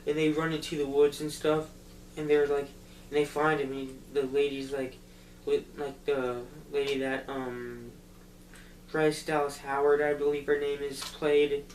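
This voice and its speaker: Slow, rambling man in an echoey room. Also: on the high side, completely flat delivery, a little mellow. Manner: rambling, loose retelling full of "like" and "um". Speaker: movie reviewer. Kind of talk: casual spoken movie recap. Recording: roomy echo, distant mic, faint hum.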